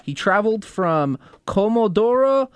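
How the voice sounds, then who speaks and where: A man co-hosting a casual podcast, reading music headlines and joking between them with relaxed swearing. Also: high-pitched, measured pace, clear, resonant tone, no echo, studio quality. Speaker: podcast co-host.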